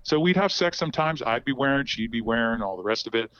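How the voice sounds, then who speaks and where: A man giving a candid, halting account of personal events as a podcast guest, often repeating words as he goes. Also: medium pitch, lively intonation, fairly bright tone, clear, resonant tone, no room sound, lo-fi sound. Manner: halting, repeats words while telling a story.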